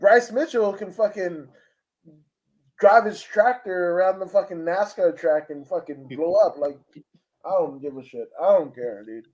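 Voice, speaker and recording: High-voiced profane ranting Kentucky man. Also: unhurried, a little mellow. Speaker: podcast co-host. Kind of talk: casual chat.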